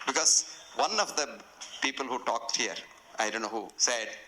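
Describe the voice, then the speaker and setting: A man's voice: mid-range voice, normal speed, pushed and bright, a little hiss or hum. A man with an Indian English accent giving a public lecture, a humorous, self-deprecating storyteller in a hotel function hall. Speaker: guest lecturer.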